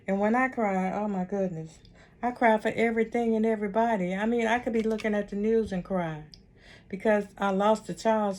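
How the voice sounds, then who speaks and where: A woman leads a casual online ministry talk. She is warm and repetitive, circling back to comfort the listener. Her voice is mellow and relaxed, pitched in a middle register. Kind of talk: casual heartfelt encouragement.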